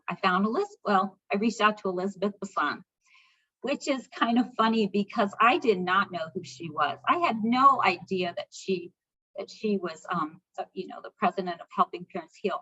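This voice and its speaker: A middle-aged American woman, a guest speaker, telling a personal story with heartfelt, animated retelling and acted-out dialogue. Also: mid-range voice, breathy edge. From United States. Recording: slightly dull lo-fi recording.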